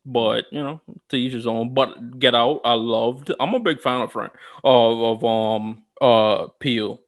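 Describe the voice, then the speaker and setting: A young man co-hosting a podcast, chatting casually and telling stories in a rambling, animated way with lots of restarts. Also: mid-range voice, measured pace. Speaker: podcast co-host. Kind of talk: casual chat.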